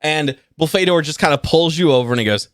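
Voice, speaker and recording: A man running a tabletop game as game master, narrating in an animated, playful way. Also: on the high side, fast talker, no echo.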